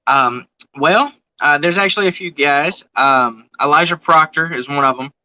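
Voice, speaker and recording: A man's voice: on the high side, moderate pace, pushed and bright, rough recording. A man, a wrestler answering interview questions in an easygoing way, with some friendly trash talk. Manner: easygoing, trash-talks with a grin.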